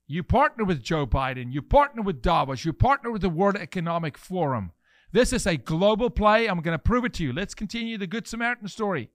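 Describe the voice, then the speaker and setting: A man with a notably high voice, preaching his commentary with fervor. He fires off rhetorical questions one after another. The sound is close and dry, with no room around it. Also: very animated, normal speed, no echo. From South Africa. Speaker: podcast host. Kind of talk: impassioned commentary with scripture reading.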